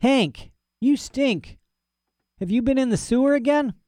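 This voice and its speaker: A man voicing a gruff, impatient rancher who scolds his dog in an audiobook. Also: very high-pitched, measured pace, darkish tone, no room sound, clean studio sound, pitched above the performer's own voice. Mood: exasperated. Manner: scolding, weary. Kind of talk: audiobook character voice.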